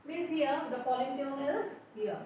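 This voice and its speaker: A woman's voice: sits high, animated, a little slow, warm tone, slight background noise. Woman lecturer, Indian English, methodical with examples; muffled, distant, echoey recording. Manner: explains step by step with many examples. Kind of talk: online class lecture.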